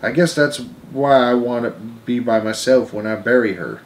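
A man's voice: mid-range voice, moderate pace, lightly acted. A man voicing a grieving young boy in a storybook read-aloud, pleading and heartbroken.

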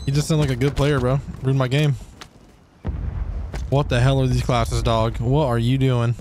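A man's voice: mid-range voice, flat delivery, normal speed, music in the background. A man streaming a shooter game, taunting other players over voice chat and laughing between fights. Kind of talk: casual gameplay commentary. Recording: game gunfire and noise behind the voice.

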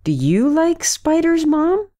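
A woman's voice: big pitch swings, takes it slowly, mellow, full character voice. Woman doing a whiny little girl. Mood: insistent. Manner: high, pleading and insistent. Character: whiny little girl who hates spiders. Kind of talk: storybook reading.

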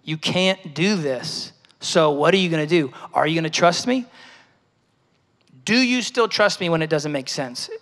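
High, bright-voiced man preaching in a hall. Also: animated, a little slow. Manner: storytelling, conversational, acts out quoted voices. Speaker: speaker at a church service. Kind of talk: personal testimony sermon. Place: large church hall.

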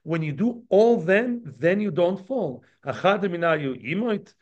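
Higher-voiced man teaching a Talmud class. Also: expressive, measured pace, dull audio. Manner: conversational, quizzes listeners with tag questions. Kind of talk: daily Talmud class lecture.

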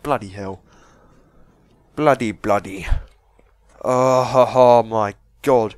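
A man's voice: medium pitch, takes it slowly, no room sound. A young man commentating on a game he is playing, swearing and breaking into panicky outbursts. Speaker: gameplay commentator. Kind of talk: let's play commentary.

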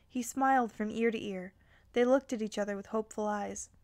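A woman gently reading a romantic fan story aloud. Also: mid-range voice, steady tone, brisk. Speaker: fan fiction reader.

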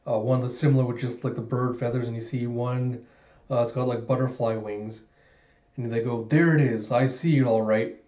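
A man's voice: medium pitch, dark tone. A man casually recapping a comic chapter for a review, rambling with lots of fillers. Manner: loose, rambling narration with many fillers. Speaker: manga reviewer. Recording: roomy, dull lo-fi sound.

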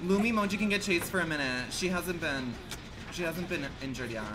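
A man streaming a game live, reacting in an animated, exclamatory way with slangy, profane banter. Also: a little high, a little fast, background noise. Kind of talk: live gaming commentary.

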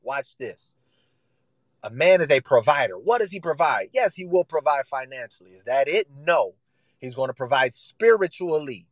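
A man's voice: a little high, lively intonation, moderate pace, no room sound, poor audio. A man preaching a sermon in casual vernacular, emphatic and repetitive, acting out the voices he quotes.

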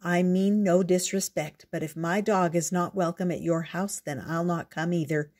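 A woman voicing a tired, determined young runaway man, speaking softly and tenderly. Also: lowish voice, fairly even intonation, normal speed, natural voice. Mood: polite.

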